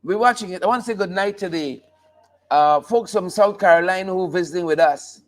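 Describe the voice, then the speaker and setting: Quick and high-pitched, a man runs a live talk show, poking fun at the news in a loose, playful manner. He laughs often and sings little snippets along the way.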